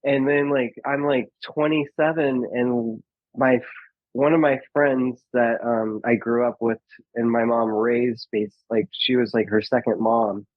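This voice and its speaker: A man's voice: mid-range voice, steady tone, measured pace, dry recording. A man telling stories as a podcast guest, chatty and full of fillers, laughing often and acting out quotes. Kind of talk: casual storytelling. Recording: dull lo-fi dry sound.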